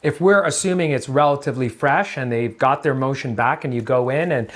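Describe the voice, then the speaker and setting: A man's voice: mid-range voice, brisk. Chatty man explaining knee surgery. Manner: chatty and digressive, jokes around, many fillers. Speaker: orthopedic doctor explaining a sports injury. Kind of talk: casual medical explainer talk.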